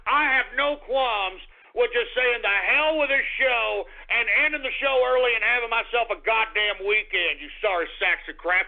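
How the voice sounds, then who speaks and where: A man hosting a call-in talk radio show, ranting and combative with a profane, gruff delivery. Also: sits high, moderate pace, few pauses. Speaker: radio host. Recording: tinny phone-like lo-fi audio.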